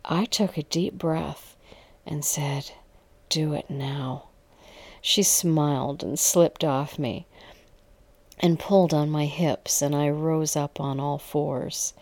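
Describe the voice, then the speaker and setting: A woman narrating an erotic audio story in a low, unhurried voice. Her delivery is intimate and close, and it often slips into a breathy whisper. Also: dry recording.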